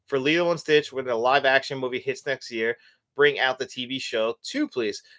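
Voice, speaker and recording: A man's voice: mid-range voice, steady tone, moderate pace, pushed and bright. A young man hosting a live show, chatting casually and reading out viewer comments, rambling with many fillers and restarts. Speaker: host of a live movie show.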